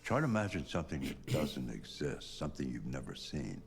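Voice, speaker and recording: A gravelly old painter. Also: male voice, rumbling low, sing-song, heavily acted. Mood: reflective. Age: older. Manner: slow, reflective and encouraging. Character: old male painter, gentle mentor. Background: game music.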